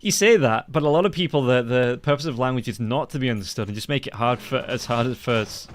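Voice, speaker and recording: Casting note: male esports caster, rapid play-by-play, easy banter, faint background ambience. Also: mid-range voice, a little hiss or hum. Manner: quick, rising to excited calls in fights.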